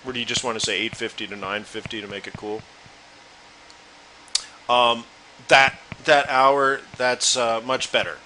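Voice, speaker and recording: Dude hosting a live trading webinar, bright voice, chatty, asks the viewers stuff, bit of hum behind. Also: male voice, medium pitch, little pitch movement, a little slow, pauses often, poor audio. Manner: loose, chatty, talks to viewers directly. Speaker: forex trading room host.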